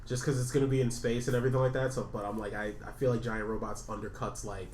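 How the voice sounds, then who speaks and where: A man's voice: medium pitch, level tone, fast, a little mellow. A man co-hosting a podcast in casual chat, who rambles, swears freely, and laughs at his own stories. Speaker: podcast co-host. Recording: echoey room with faint noise.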